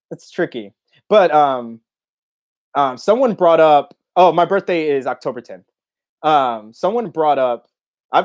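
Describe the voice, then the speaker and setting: A young man hosts a relaxed livestream Q&A with a slightly high-set voice. He chats loosely and reads viewer comments aloud. He breaks into laughter often. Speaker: YouTube host. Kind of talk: casual livestream Q&A chat.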